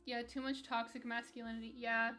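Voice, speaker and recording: Brisk and sharp in tone, a young woman with a slightly high voice and flat delivery chats candidly with her stream's live chat as she games. She rambles, restarting sentences and laughing lightly.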